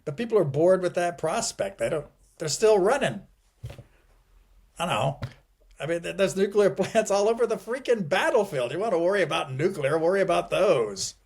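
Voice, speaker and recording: A man's voice: high voice, lively intonation, normal speed, gravelly, darkish tone, slightly rough. Middle-aged guy rambling thru an interview, lots of you know, dry chuckles. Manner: rambling, digressive, frequent restarts and "you know"; wry, chuckles at grim points. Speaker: guest. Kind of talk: casual conversational interview.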